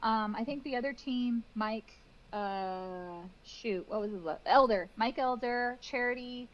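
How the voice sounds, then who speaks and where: A woman in her thirties chats in a casual interview, telling stories with lots of acted-out quotes. Her voice sits a little high. The audio is somewhat dull and lo-fi. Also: unhurried. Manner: animated storytelling with acted-out quotes and laughs. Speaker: guest cake decorator.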